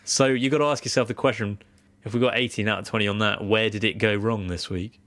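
Guernsey guy cohosting a chat podcast, lowish voice, wry and teasing, dead dry sound. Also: steady tone, fast talker, fairly bright tone, no room sound. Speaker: podcast co-host. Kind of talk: casual chat.

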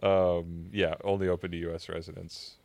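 A man's voice: low-pitched, level tone, normal speed, vocal fry, darkish tone, dry recording. A man co-hosting a podcast, chatting casually, laughing easily and reading out a giveaway announcement. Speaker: podcast co-host. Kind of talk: casual chat.

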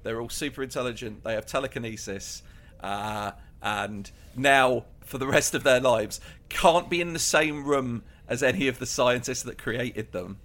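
A man's voice: mid-range voice, normal speed, a bit bright. A man co-hosting a podcast in loose, rambling casual chat, laughing often. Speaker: podcast co-host.

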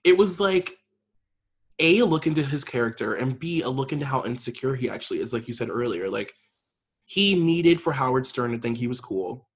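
A man's voice: medium pitch, lively intonation, fairly quick, husky. A man co-hosting a podcast, rambling sarcastically about celebrity gossip, swearing and saying "like" often. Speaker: podcast co-host. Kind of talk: casual gossip chat.

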